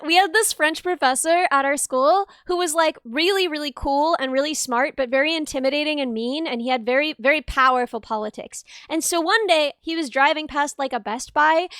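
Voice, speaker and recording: A woman's voice: high-pitched, fairly bright tone, no echo, studio quality. A young woman chatting casually on a live stream from her bedroom, giggling often and reading out viewer messages. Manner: giggly, chatty, reads chat aloud. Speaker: livestreamer.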